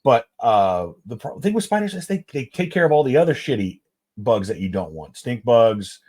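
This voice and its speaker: A man's voice: medium pitch, big pitch swings, normal speed, darkish tone. A man co-hosting a podcast from a basement, rambling through casual, profane stories. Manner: rambling, profane, laid-back storyteller. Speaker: podcast co-host. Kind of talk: casual chat.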